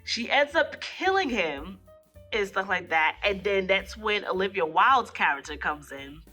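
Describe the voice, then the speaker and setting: A woman recapping a film in a casual review vlog, a little hoarse from a cold, animatedly acting out the lines as she goes. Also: measured pace, faint music behind. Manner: animated retelling, acting out lines in jumps of pitch. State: hoarse, getting over a cold. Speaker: movie reviewer.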